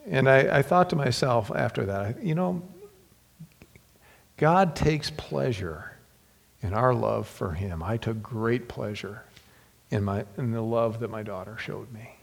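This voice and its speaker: A middle-aged man preacher telling personal stories in a sermon, halting and heartfelt, with repeated words and whispers on tender lines. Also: mid-range voice, animated, gravelly. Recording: long hall reverb.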